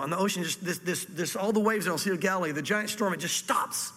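A high, bright male voice preaching a sermon with long hall reverb. He is animated and reads scripture dramatically, sometimes dropping to a hushed aside. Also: fast, hardly any pauses. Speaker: pastor. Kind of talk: expository sermon.

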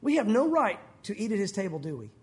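A male pastor preaching a sermon, animated and folksy, with joking asides to the congregation. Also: high voice, quick pace.

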